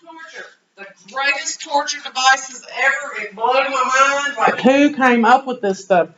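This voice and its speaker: A woman history teacher giving an animated classroom lecture, firing rhetorical questions at her students, in a dull lo-fi classroom recording. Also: high-pitched, unhurried, a crowd in the background.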